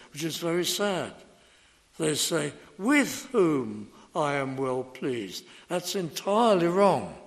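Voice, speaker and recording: A man delivers a sermon in a measured, unhurried cadence, his voice pitched somewhat high for a man. He stresses key words with sudden force. The sound rings with a long reverb, as in a large church. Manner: slow, deliberate preaching with emphatic stresses. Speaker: preacher.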